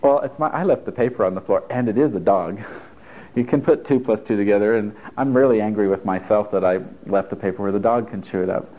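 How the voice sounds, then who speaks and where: A man's voice: fairly low pitch, fast talker. A man, a therapist, talking a group through a workshop in a chatty, encouraging way with joking asides. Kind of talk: live workshop talk to a group. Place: stuffy indoor room with an audience. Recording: tinny phone-like lo-fi recording.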